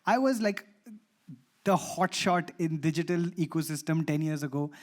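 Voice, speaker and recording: Indian English man, panel speaker, a bit high-pitched, animated storyteller who acts out the conversations in his story. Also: normal speed. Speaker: conference panelist. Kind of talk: personal storytelling talk. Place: conference panel stage.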